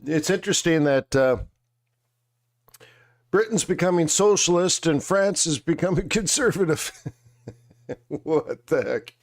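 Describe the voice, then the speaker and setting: A man's voice: sits high, moderate pace, pauses often. A man hosting a live market show, chatting casually and joking, eating and drinking on air. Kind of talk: casual live-stream chat.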